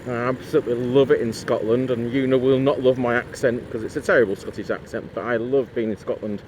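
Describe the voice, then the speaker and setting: A man's voice: medium pitch, steady tone, fast talker, darkish tone, slight background noise. A man chatting casually to camera for his motorcycle vlog, rambling with lots of asides and fillers. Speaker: motorcycle vlogger.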